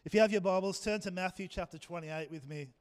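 A man's voice: sits high, fast, in a large hall. A man, preaching a sermon and joking with the congregation. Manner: jokey, chatty with the congregation. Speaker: pastor. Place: church hall.

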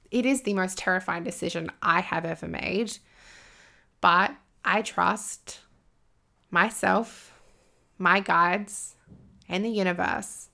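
A woman speaking earnestly and emotionally to her listeners, swearing freely and pausing often as a spiritual coach. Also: mid-range voice, vocal fry, bright, forceful tone. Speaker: spiritual coach and business owner. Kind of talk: heartfelt personal monologue.

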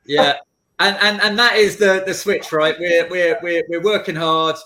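A man's voice: sits high, fairly even intonation, moderate pace, bright, forceful tone. A man hosting a casual video call, joking and stumbling over restarts. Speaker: host.

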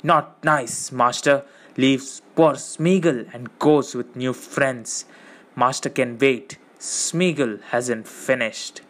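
A man's voice: medium pitch, steady tone, takes it slowly, close to an everyday voice. A man voicing a wretched, suspicious creature that hisses and wheedles, talking of himself by name. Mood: sulky. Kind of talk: audiobook character reading.

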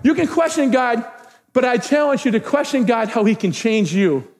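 A male pastor preaching a sermon with passion, moving from quiet, intimate talk to shouted exhortation and repeating phrases. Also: extremely high pitch, expressive, moderate pace. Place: church sanctuary. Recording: long church hall reverb.

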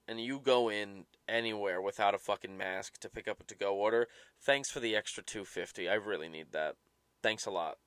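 A man's voice: on the low side, fairly bright tone, no room sound. A young man ranting casually and profanely as a podcast host, exasperated and swearing often. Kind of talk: casual rambling rant.

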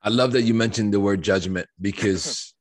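A man co-hosting a faith podcast, talking in an animated, emphatic preaching style with rhetorical questions and scripture quotes. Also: on the low side, moderate pace. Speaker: podcast co-host.

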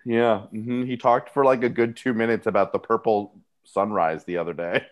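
A man co-hosting a casual podcast, excitable and jokey, often cutting in. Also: lowish voice, normal speed. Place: new apartment.

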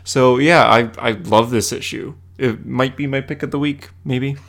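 A man's voice: medium pitch, fairly even intonation, normal speed, a bit bright. A young man co-hosting a casual comic podcast, eagerly correcting and explaining story details. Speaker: podcast co-host. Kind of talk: casual chat.

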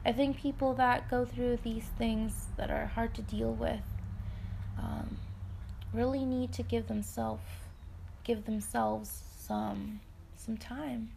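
A young woman speaking slowly and unhurriedly to her viewers, her voice carrying a slight gravelly fry. She talks gently and sincerely, dropping now and then into soft laughs and whispered asides. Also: a little high, steady tone, a little hiss or hum. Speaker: vlogger. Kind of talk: personal talk to camera.

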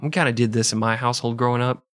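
Podcast co-host, man from the Midwest, deadpan storyteller with crude asides, dry close sound. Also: mid-range voice, racing, no echo. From American Midwest. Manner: deadpan, crude absurd tangents. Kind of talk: casual comedic history podcast.

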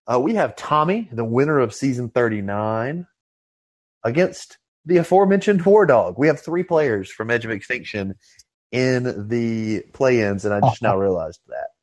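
A man hosting a casual podcast, talking in a relaxed way with fillers and restarts. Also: mid-range voice, moderate pace. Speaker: podcast host. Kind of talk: casual chat.

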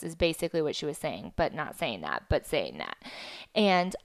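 A woman's voice: deep voice, huge pitch swings, normal speed, no room sound. A young adult woman hosting a podcast, recapping reality TV in a chatty, profane style full of asides. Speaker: podcast host. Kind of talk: casual reality TV recap monologue.

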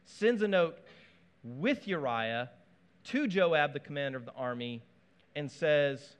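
A man preaching a sermon in a conversational, animated way, with asides and playful touches. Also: a little high, slow, clean tone. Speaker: pastor.

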